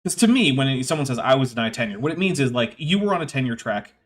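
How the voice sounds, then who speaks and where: A man hosts a live stream in a loose, chatty way, dropping fillers and picking apart what he hears with sardonic remarks. His voice sits at an ordinary middle pitch. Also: big pitch swings, fast, breathy edge. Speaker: streamer and host. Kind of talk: casual live-stream commentary.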